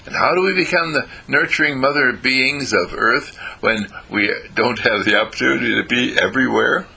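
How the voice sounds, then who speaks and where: Man, gentle repetitive affirmations, husky and gravelly, bright tone, low pitch. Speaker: inspirational speaker. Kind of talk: guided affirmation talk.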